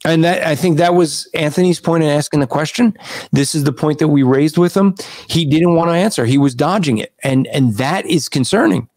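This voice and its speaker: A man hosting a casual online discussion over a video call, talking at length, restarting sentences and clearing his throat. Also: on the high side, a little fast, a little mellow, no room sound. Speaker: podcast host.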